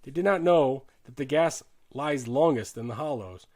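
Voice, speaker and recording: A man's voice: mid-range voice, lively intonation, normal speed. Man reading a war novel aloud. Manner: earnest, shifts loudness sharply with the drama. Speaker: audiobook reader. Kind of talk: dramatic audiobook narration.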